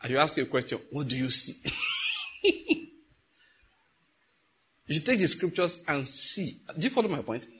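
Middle-aged pastor, slightly raised pitch, conversational sermon with questions to the congregation. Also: male voice, expressive, quick pace, hardly any pauses, fairly bright tone.

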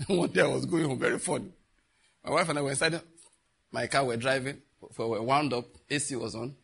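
A middle-aged Nigerian man with a medium-pitched, creaky, husky voice talks fairly quickly, telling funny stories and giving advice to young people. He's a lively storyteller who breaks into laughter often and slips in preachy asides.

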